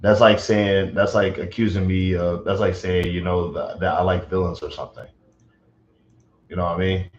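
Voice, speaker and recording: A man's voice: low-pitched, level tone, normal speed, slight background noise. A man livestreaming, talking agitatedly and rambling with lots of fillers. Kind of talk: casual livestream chat. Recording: roomy, dull lo-fi sound.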